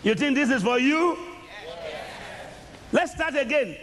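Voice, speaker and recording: A man preaching a sermon to a live congregation in a large church hall. He speaks emphatically, gets the crowd to repeat phrases after him, and swings from shouts down to low tones. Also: expressive, slow pace. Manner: bursts into shouts, then drops low. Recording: echoey hall with faint noise.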